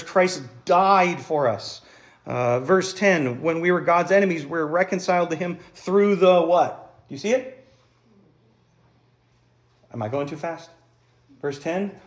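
A male pastor preaching a teaching sermon. He keeps asking the congregation questions, slows right down on key phrases and hurries through asides. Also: a little high, reverberant. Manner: engages the congregation with quick questions, teaching and explaining; varies pace widely, slowing on key phrases and rushing asides.

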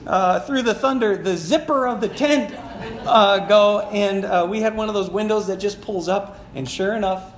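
A man preaching a sermon as a conversational personal story, with many fillers and laughing at himself. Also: high-pitched. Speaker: pastor. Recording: echoey room with faint background noise.

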